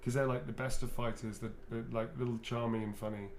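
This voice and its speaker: Signing autographs as a guest, this middle-aged actor talks fast in a medium pitch. He's relaxed and rambling, laughing a lot as he chats. Roomy echo and a faint background hum color the recording.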